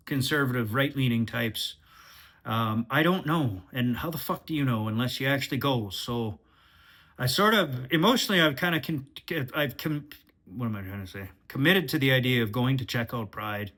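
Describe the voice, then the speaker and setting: A man talking casually in a diary-style vlog, rambling and swearing as he questions himself out loud. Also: medium pitch. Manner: rambling, profane, self-questioning. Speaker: vlogger.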